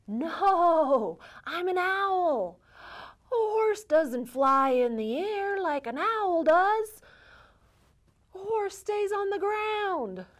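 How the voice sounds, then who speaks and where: A woman's voice: extremely high pitch, very animated, extremely slow, voice pushed up, exaggerated voice. A woman voicing a matter-of-fact owl who hoots and explains things plainly. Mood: explaining.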